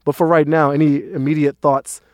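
A man's voice: fairly high pitch, level tone, no echo, studio quality. Man hosting a podcast, reading listener mail. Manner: joking, quick asides, measured when reading. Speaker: podcast host. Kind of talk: casual chat and reading listener email.

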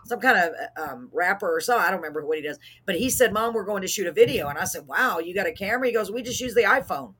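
A woman hosting a casual live talk show, bubbly and quick to laugh. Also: medium pitch, lively intonation, fairly bright tone, slightly rough. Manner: bubbly, laughs easily, apologetic.

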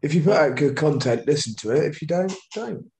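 A man's voice: on the high side, animated, fairly quick, dark tone. A man co-hosting a podcast in casual chat, wry and blunt. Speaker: podcast co-host.

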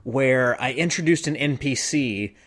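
A man in a middle register hosting a relaxed podcast chat. He asks questions in a casual, conversational way and trades stories with his guest. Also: mid-range voice, unhurried. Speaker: podcast host.

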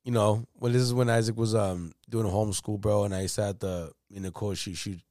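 Slangy, animated male podcast host. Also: fairly low pitch, brisk, dry recording, clean studio sound. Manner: animated storyteller, acts out quoted voices loudly; heavy swearing and slang. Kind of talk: casual chat.

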